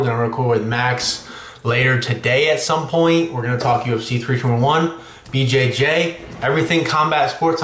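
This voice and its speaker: A man hosting a sports podcast, ranting excitably and cursing freely. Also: mid-range voice, roomy sound, slight background noise. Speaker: podcast host.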